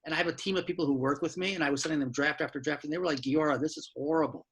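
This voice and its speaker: A man in his sixties, a law professor and author, giving a frank, blunt talk with mild swearing and quick asides, from his apartment over a video call. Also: on the high side, a bit bright, a little hiss or hum. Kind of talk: candid lecture-style talk.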